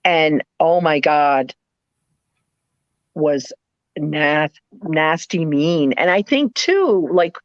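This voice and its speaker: Chatty New England woman, lively storyteller. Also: low voice, extremely slow, long pauses, no echo, dull audio. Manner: rambling, animated storytelling with playful put-on voices. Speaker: live sale host, former nurse. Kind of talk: casual chat.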